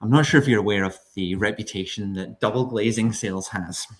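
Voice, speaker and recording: Middle-aged Scottish man, low voice, chatty anecdotal guest, chuckles between stories. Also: a little fast. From Scotland. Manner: chuckles through anecdotes, frequent ums and restarts. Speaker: podcast guest. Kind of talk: conversational storytelling.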